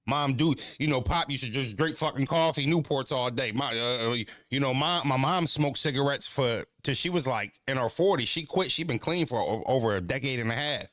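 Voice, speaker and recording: A man chatting casually, telling stories in a profane, animated way and laughing often. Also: mid-range voice, brisk, few pauses, no room sound, clean studio sound. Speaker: streamer. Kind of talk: casual chat.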